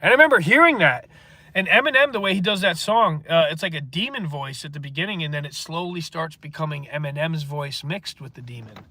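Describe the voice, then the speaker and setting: A man's voice: a little high, animated, a little fast, bright, forceful tone, no echo. A man with a stuffy nose, hosting a livestream and reading viewer comments in a rambling, earnest monologue full of filler words.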